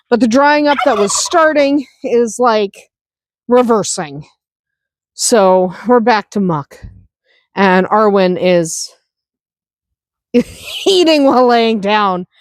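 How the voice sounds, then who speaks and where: A woman's voice: a little high, no room sound. A woman chatting through a casual farm vlog, outdoors on a windy farm, often laughing and talking to her animals. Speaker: homestead vlogger.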